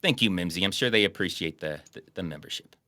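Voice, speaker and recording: Young guy hosting a movie chat, low-ish bright voice, dry sound. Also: expressive, fast, no echo. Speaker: podcast host. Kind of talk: casual chat reviewing a movie.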